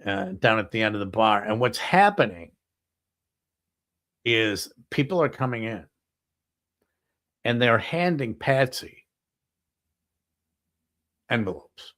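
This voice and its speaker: A man's voice: on the low side, lively intonation, slow, pauses often, fairly bright tone. A man hosting a live talk show, telling a long story in a rambling, anecdotal way with many fillers and asides.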